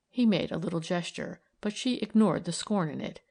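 Woman, audiobook narrator, calm, lowish voice, expressive. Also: moderate pace, gravelly.

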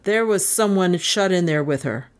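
A woman's voice: on the low side, animated, normal speed, natural voice. A woman reading aloud voices a nervous, evasive male doctor. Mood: defiant. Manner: apologetic then defiant.

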